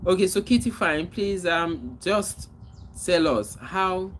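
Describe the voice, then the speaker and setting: A man's voice: high voice, a little hiss or hum. Man hosting a casual livestream. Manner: reads out viewer comments and greets them by name; animated greetings, then slower reflective talk. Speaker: livestream host.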